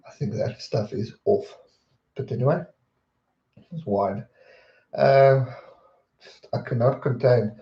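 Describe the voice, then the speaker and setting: A man hosting a livestream, casually chatting and answering viewers' questions with a rambling, relaxed manner. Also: mid-range voice, slow, long pauses, echoey room, lo-fi sound. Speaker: livestream host.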